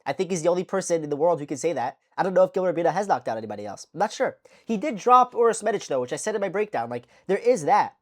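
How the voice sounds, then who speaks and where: A woman with a fairly low voice hosts a casual fight recap vlog. She talks loosely and profanely, rambling through each fight and correcting herself mid-thought. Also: expressive, racing, few pauses. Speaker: MMA channel host.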